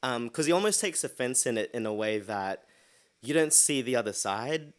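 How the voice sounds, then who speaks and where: A man's voice: mid-range voice, animated, moderate pace. A man hosting a podcast, chatting casually and enthusiastically, often restarting his sentences. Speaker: podcast host. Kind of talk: casual interview chat.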